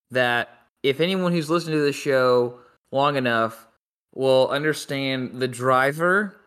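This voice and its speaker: A man's voice: mid-range voice, pushed and bright. Laid-back man hosting a podcast. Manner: laid-back, chuckling between phrases. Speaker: podcast host. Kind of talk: casual chat.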